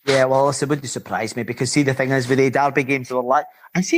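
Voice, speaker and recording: A Scottish man in his fifties, a former footballer and podcast guest, telling lively rambling stories and swearing freely. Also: mid-range voice, rapid-fire, hardly any pauses. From Scotland. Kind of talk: casual anecdotal storytelling.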